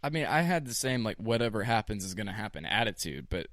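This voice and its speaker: A young man co-hosting a podcast, telling a story in a casual, animated way. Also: on the low side, quick pace, dry recording, clean studio sound. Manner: storytelling, animated retelling with baseball metaphors. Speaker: podcast co-host. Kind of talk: casual chat. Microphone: podcast microphone.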